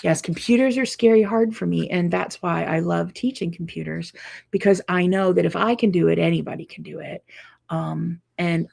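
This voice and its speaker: A woman's voice: fairly low pitch, moderate pace, creaky, darkish tone. A woman who teaches quilting, chatting casually to viewers in a live update, tired and yawning from lack of sleep.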